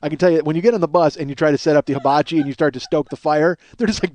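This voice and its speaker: Middle-aged man, comedy podcast host, rambling profane storytelling, slightly higher voice, dry close sound. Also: very fast, few pauses, a little mellow, no room sound. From Chicago area. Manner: rambling, profane, self-mocking, acts out dialogue. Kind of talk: comic storytelling monologue.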